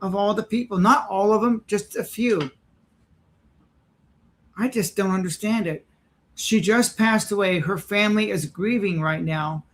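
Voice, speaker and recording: A high-pitched man gives reaction commentary on a clip. He is indignant and sarcastic, with a preaching edge to how he talks. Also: a little slow, pauses often.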